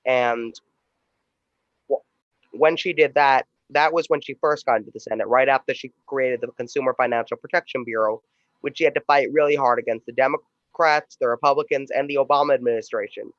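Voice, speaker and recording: A show host casually sets up video clips, talking loosely with some restarts. His medium-pitched voice is fairly quick and a bit bright, with no echo, and the sound is dull, dry and lo-fi.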